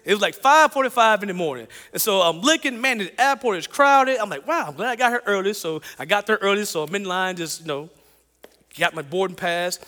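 A man preaching with a high, bright voice, full of energy as he tells a story. He repeats phrases and chuckles as he speaks. The sound carries a long echo, as in a big church hall. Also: lively intonation, fairly quick. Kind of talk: sermon with personal story.

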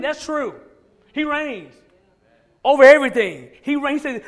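A man's voice: very high voice, sing-song, moderate pace, pauses often. A male pastor preaching a sermon, emphatic and repetitive, firing off rhetorical questions.

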